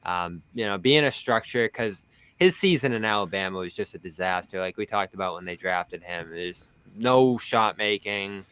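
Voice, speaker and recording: Chatty Boston man, smooth low voice. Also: moderate pace, a bit bright, dry recording. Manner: chatty, laughs often, tells anecdotes. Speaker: basketball podcast panelist. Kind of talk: casual sports chat.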